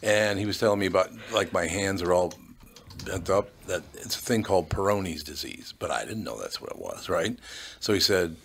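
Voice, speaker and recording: A man's voice: sits low, expressive, brisk, slight background noise. A man hosting a radio talk show in the studio, chatting and ribbing his guests with jokey asides. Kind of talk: casual studio chat. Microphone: studio microphone.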